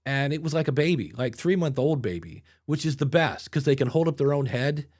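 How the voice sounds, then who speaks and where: A man's voice: on the high side, lively intonation, fairly quick, darkish tone. Chatty man telling stories on a podcast. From Ohio. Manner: chatty storyteller, acts out quoted people. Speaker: podcast host. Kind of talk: casual podcast chat.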